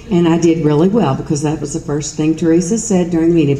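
A middle-aged woman with a Kentucky Southern accent tells stories at an event in a chatty, self-mocking way. Her voice is low and mellow. The sound carries the roominess of a hall, with a faint hum of ambience underneath. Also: fairly quick, few pauses. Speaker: speaker at an event. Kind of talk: storytelling speech.

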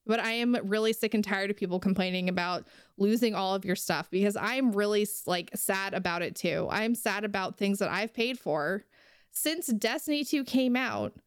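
A woman's voice: mid-range voice, moderate pace, clear, resonant tone, no echo, studio quality. A young woman co-hosting a casual podcast, ranting heatedly and swearing freely. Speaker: podcast co-host.

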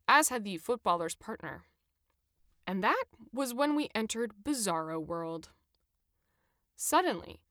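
Woman, memoir narrator, expressive storytelling, lively pitch, dry close recording. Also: no room sound. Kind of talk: first-person memoir narration.

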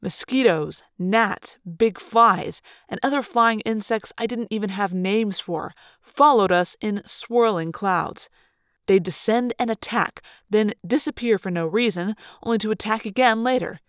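A woman narrating a young-adult novel as a dramatic audiobook reading, slow and deliberate. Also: medium pitch, no room sound, clean studio sound.

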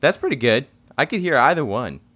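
A man's voice: medium pitch, big pitch swings, fairly quick, a bit bright. A man co-hosting a casual podcast in a dry, teasing way, laughing often. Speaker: podcast co-host. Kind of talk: casual chat.

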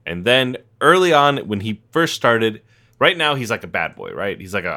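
Podcast co-host, male, crude joking banter, frequent laughter, bright, animated delivery. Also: lowish voice, moderate pace. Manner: profane, laughing, animated storytelling. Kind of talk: casual comedic chat.

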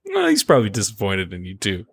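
A man's voice: fairly low pitch, huge pitch swings, quick pace, gravelly, slightly rough. A man co-hosting a podcast in casual chat, teasing with dry banter. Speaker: podcast co-host.

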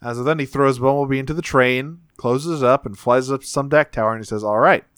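A male podcast co-host recaps an episode in loose, profanity-laced chat and slips into quotes as he goes. His voice is mid-pitched and sits in a dry, close recording with no room sound. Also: fairly even intonation, fast talker, clear, resonant tone, no echo. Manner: profane, rambling, acts out quotes.

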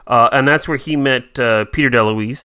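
A man's voice: mid-range voice, moderate pace, pushed and bright, smooth. A man co-hosting a podcast in casual chat, playful and rambling as he riffs. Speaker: podcast co-host.

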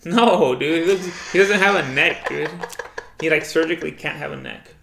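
A man, casually retelling a story in slangy, animated chat. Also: a little high, normal speed, creaky, reverberant.

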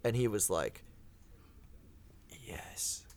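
A man's voice: on the high side, expressive, measured pace, a bit bright, no room sound. A man co-hosting a podcast, chatting casually and poking fun at himself. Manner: laid-back, self-deprecating. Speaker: podcast co-host.

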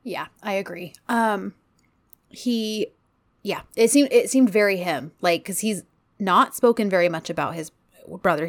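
A woman co-hosting a podcast, casually recapping a show and acting out lines from it with frequent laughter. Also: mid-range voice. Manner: animated storyteller, acts out quotes, laughs often. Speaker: podcast co-host. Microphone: podcast mic.

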